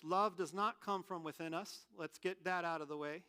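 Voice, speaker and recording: A man preaching a sermon in a candid, animated, conversational way, telling personal stories. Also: a little high, moderate pace, clean tone. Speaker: pastor.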